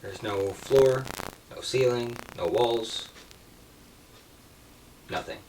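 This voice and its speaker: A man narrating as game master of a tabletop game, slow and hesitant with many ums, slightly off-mic. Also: mid-range voice, darkish tone, distant mic, a little hiss or hum, rough recording.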